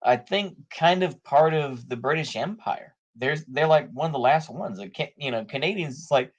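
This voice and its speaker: A man's voice: on the high side, moderate pace, few pauses, lo-fi sound. A man talking casually in rambling political commentary, full of "you know" fillers and frequent laughs.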